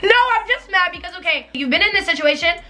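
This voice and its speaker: A woman's voice: very high voice, animated, quick pace, sharp tone, raised voice. A young woman giving blunt, emphatic relationship advice in a casual vlog, repeating her points and swearing freely. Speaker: advice vlogger.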